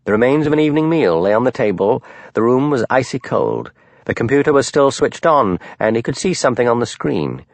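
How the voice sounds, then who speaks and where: A man narrating an audiobook in a measured way. His pitch moves lively and expressively, in a middle register. The recording is dry and close, with no room sound. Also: vocal fry, no echo.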